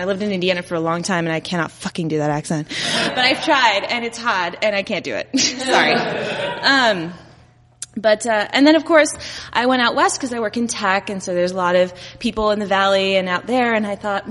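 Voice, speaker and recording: A woman from Dallas tells a comic story to a live crowd, chatty and quick to laugh at herself. Her voice sits a little high, the room has a long reverb, and there is some noise. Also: a bit bright. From Dallas, USA. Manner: chatty, laughing, self-mocking.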